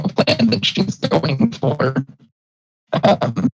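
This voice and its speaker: A man playing a tabletop game online, relaxed and matter-of-fact. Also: medium pitch, a little slow, soft background music. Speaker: player. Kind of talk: casual tabletop play. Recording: noisy voice chat from far off.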